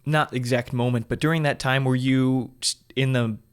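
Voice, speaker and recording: A man's voice: mid-range voice, steady tone, moderate pace, smooth. A man with a mid-range voice hosts a podcast interview. He asks his questions in a loose, conversational way and often rephrases them as he speaks. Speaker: podcast host.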